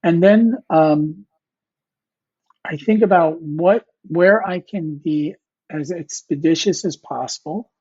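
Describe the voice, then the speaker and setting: This comic artist, a man interviewed as a guest, chats loosely and takes it slowly, his warm, husky voice pitched a little high. He meanders with lots of fillers and restarts and quotes his mentors. There's no room sound, just a dull, dry, somewhat lo-fi recording.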